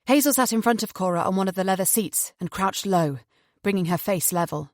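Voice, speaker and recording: Dry, measured female audiobook narrator. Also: medium pitch, expressive, a little mellow, dry recording.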